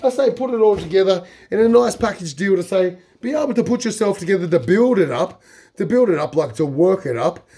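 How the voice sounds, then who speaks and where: Rambling Australian man, slightly husky. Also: high-pitched, expressive, brisk, mellow. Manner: rambling, fills with "say" and "like". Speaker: vlogger. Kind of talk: casual talk to camera.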